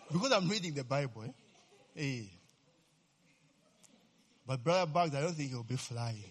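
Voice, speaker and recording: A male preacher delivers a sermon in a loose, joking style, constantly checking in with his listeners. His husky voice sits high and swings widely in pitch, bright with animation. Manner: chatty, joking, prompts the audience with eh and amen.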